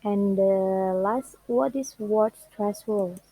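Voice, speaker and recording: In a class presentation, a young Indonesian-speaking student explains English word stress, pausing cautiously and stretching out her example words. She has a medium-pitched, dark voice, captured without echo on a rough recording.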